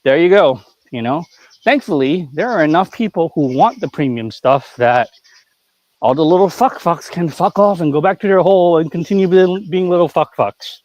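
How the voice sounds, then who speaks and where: A man's voice: a little high, moderate pace, a little mellow, no echo, dull audio. A man who runs a figure store, talking in a blunt, profane, ranting way in a casual live-stream chat.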